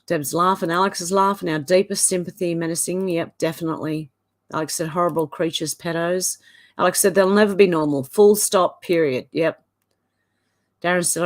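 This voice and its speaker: Female Australian host, lowish voice, reads live chat aloud, chatty asides, easy laughs. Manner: chatty asides between comments, quick laughs. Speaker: livestream host. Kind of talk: reading out live chat comments.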